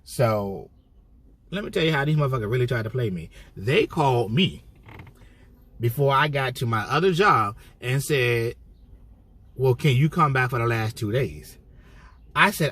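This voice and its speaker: A man vlogging a casual storytime, telling it in a heated, profane way with animated bursts. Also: medium pitch, normal speed. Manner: cheerful put-on customer-service voice when mimicking himself.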